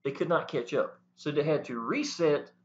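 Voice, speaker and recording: Animated man, lo-fi sound. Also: on the high side, moderate pace. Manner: animated, preachy, says "y'all" a lot. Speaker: network marketing promoter. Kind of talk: casual talk to camera. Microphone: camera mic. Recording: dull lo-fi sound.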